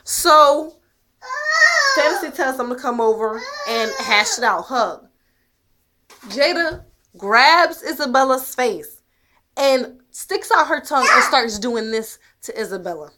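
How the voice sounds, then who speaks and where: A woman with a slightly high voice speaks straight to the camera in a long monologue. She is intense and emphatic, blunt enough to swear. She presses her points with pointed rhetorical questions. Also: big pitch swings, takes it slowly, background noise. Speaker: mother.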